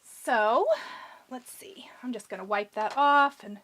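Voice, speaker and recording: A woman's voice: on the high side, a little slow, a bit bright. A woman hosting a live card-making demonstration, chatting casually and answering viewer questions as she works. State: has the hiccups. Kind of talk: live-stream craft demonstration.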